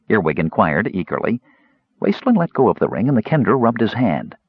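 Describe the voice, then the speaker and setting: A man narrating a fantasy audiobook in an expressive storytelling manner. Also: lowish voice, normal speed, husky, no room sound, lo-fi sound.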